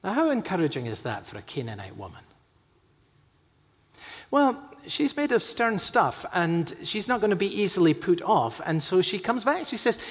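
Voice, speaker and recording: A man preaching a sermon, swinging between loud urgent emphasis and slow hushed quotation. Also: sits high, sing-song, breathy edge. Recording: long hall reverb.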